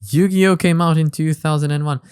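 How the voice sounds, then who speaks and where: A man's voice: fairly high pitch, steady tone, fairly quick, a little mellow, clean tone, no room sound, studio quality. A young man hosting a reaction video, talking casually in a rambling, self-mocking way. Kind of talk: casual chat.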